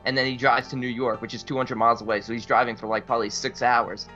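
A man's voice: medium pitch, level tone, lo-fi sound, faint music behind. A man co-hosting a movie podcast, arguing plot points in a jokey, casual way. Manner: bright, quick to argue, jokey. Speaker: podcast co-host. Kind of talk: casual movie review chat.

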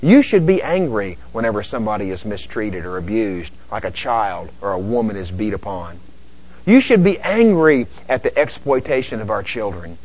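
A middle-aged male pastor preaching a sermon in an animated way, acting out both sides of everyday arguments. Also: fairly low pitch, normal speed, breathy edge. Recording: dull lo-fi sermon recording.

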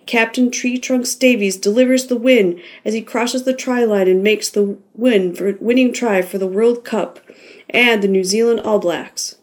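Audiobook figure: loud, excited male rugby announcer, voiced by a woman narrator, pitched up. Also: unhurried, close to an everyday voice. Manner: hollering play-by-play.

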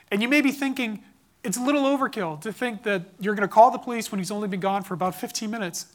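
A man's voice: high-pitched, fast. Man telling a tense personal story. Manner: grows loud and urgent as the story builds.

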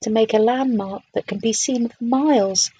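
A woman reading a gentle, encouraging woman. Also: a little high, moderate pace, husky, highs cut off. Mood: explaining. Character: kind woman guiding her animal friends.

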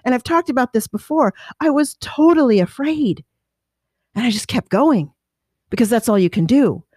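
A woman who runs her own business and speaks to motivate others, telling her story in a lively way and acting out the people she quotes. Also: fairly high pitch, moderate pace, no echo, studio quality. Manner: animated, acts out quoted voices, restless self-correcting. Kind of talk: personal storytelling talk.

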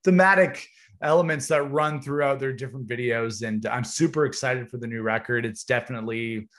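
A man's voice: mid-range voice, brisk, fairly bright tone. A man co-hosting a music podcast, chatting casually and with enthusiasm about bands and joking with his co-host. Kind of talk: casual chat.

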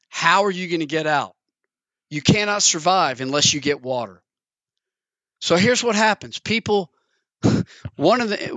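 A man's voice: bright, forceful tone, no echo. A man preaching a sermon, telling a parable in an earnest storytelling manner. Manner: earnest, storytelling, acts out the characters in pitch.

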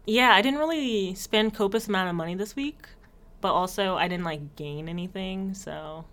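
A woman co-hosting a podcast, chatting casually with blunt, animated storytelling. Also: mid-range voice, moderate pace. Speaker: podcast co-host. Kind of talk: casual chat.

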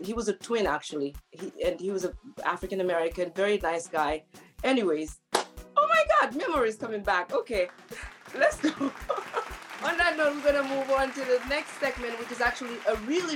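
Woman talk show host, chatty storytelling, slightly high pitch, faint music behind. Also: expressive, fairly quick. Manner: chatty storytelling, laughs often. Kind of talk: casual chat.

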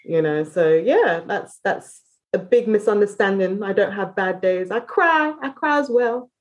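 A British woman speaking as a podcast guest in a candid, casual chat, talking openly and quickly and often restarting her phrases. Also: medium pitch, lively intonation. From Britain.

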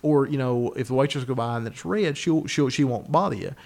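A man's voice: mid-range voice, fairly quick, vocal fry, a little mellow. A man from the co-hosting a podcast, telling a rambling story with swearing in casual chat. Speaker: podcast co-host.

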